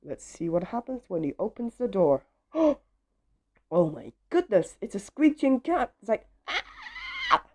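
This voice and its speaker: Animated woman reading picture books aloud. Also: mid-range voice, normal speed, few pauses. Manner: animated, gasping at each page, talks to young listeners. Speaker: storybook reader.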